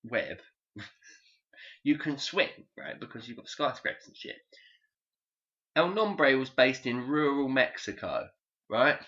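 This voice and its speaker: A man in a loose podcast chat, rambling and joking with plenty of swearing. His voice jumps up and down in pitch and has a bright, forceful edge. The sound is slightly dull and lo-fi. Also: lively intonation, takes it slowly, pauses often. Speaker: podcast host. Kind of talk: casual chat.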